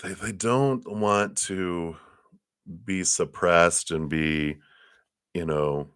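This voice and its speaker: Deep-voiced man giving a rambling tarot reading. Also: fairly even intonation, extremely slow, fairly bright tone, clean tone, no room sound, clean studio sound. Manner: rambling, encouraging, many fillers and restarts. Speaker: tarot reader. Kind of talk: live tarot reading to a viewer.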